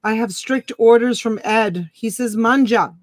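A woman chatting earnestly on a live stream, talking in a slow, unhurried way. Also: a little high, darkish tone, no room sound. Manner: slow, earnest, talks with her mouth full. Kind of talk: casual live-stream chat.

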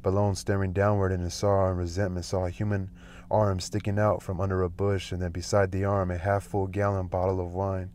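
A man reading a novel aloud at a steady, unhurried pace, with occasional slips and restarts. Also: sits low, slight background noise. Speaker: audiobook reader.

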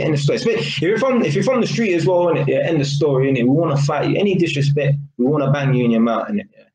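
A man's voice: a little high, darkish tone. A young man with a London accent, ranting casually to camera in street slang. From England. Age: young adult. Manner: heated street slang, repeats "innit". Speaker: vlogger. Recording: echoey room with faint ambience.

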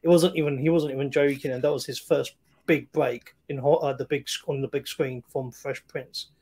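A man's voice: mid-range voice, fairly even intonation, normal speed, a little mellow, breathy edge. A man co-hosting a film review show in casual chat, hesitant, with many fillers and restarts. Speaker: film review podcast co-host.

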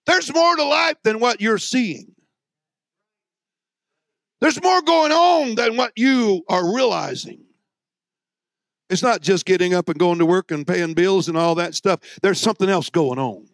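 Male preacher, gravelly, fairly high voice, emphatic drawn-out delivery, dry close sound. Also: lively intonation, no echo. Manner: emphatic, drawling, swinging between loud and hushed; folksy, joking asides to the congregation. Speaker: visiting preacher. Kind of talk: fiery sermon.

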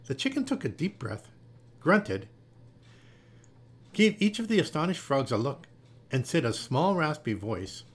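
A man gently and expressively reading a children's picture book aloud. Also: a little high, big pitch swings, measured pace, pauses often. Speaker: storyteller.

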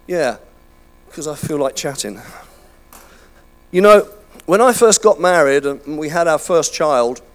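An older man preaching a sermon in a chatty, self-deprecating way, with many fillers and restarts. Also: fairly high pitch. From United Kingdom. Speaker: pastor. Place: church hall.

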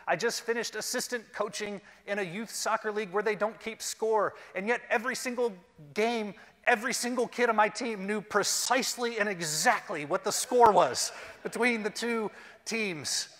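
A pastor delivering a sermon, animated and humorous, leading his congregation to speak along. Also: sits high, normal speed. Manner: animated, humorous, leads the congregation in call-and-response. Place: church sanctuary. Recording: long reverb in a church hall.

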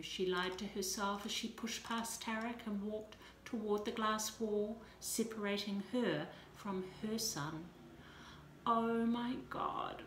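A woman narrating a romance audiobook at a slow, careful pace. The reading has a roomy echo, with faint noise underneath. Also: medium pitch.

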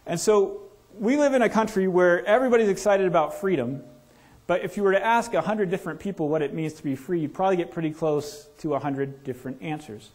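A male pastor preaching a sermon in a church, talking casually and asking the congregation questions. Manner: conversational, asks the congregation questions; lowers to a soft, slow voice in prayer. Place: church sanctuary.

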